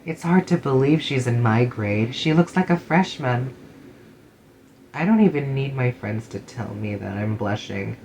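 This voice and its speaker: A man's voice: mid-range voice, expressive, a little slow, darkish tone, a little hiss or hum, low-quality recording. A man reading a first-person story in a casual, sarcastic way, swearing freely. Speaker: narrator.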